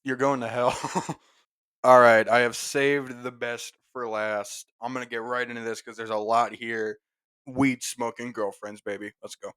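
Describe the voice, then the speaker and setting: A man hosting a comedy video, reading online posts aloud in a deadpan, mock-dramatic way. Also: mid-range voice, measured pace, clean tone, dry recording. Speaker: host.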